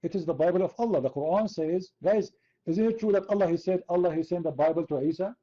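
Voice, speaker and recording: A man's voice: high voice, fast talker, warm tone, lo-fi sound. A man from the Middle East, hosting an online chat room debate in a sarcastic, mocking, argumentative way. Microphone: computer mic.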